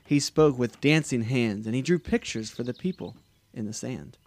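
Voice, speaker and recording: A man reading a picture book aloud to a child, slow and expressive, adding sound effects. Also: mid-range voice.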